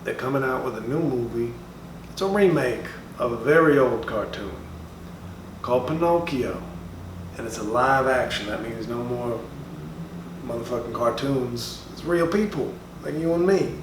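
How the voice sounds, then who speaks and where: A man's voice: mid-range voice, expressive, moderate pace, background noise, lightly acted. A man doing a comedic impression of a brash middle-aged comedian, who speaks to schoolchildren in a drawling, profane, taunting way. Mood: mock-serious. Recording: roomy sound from a distant mic.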